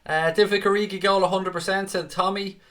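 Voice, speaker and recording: A man's voice: high voice, level tone, fairly quick, a bit bright. A young man hosting a live football watchalong, chatting casually and matily as he reads out viewer comments. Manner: chatty and matey, often calls viewers "mate". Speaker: fan watchalong host.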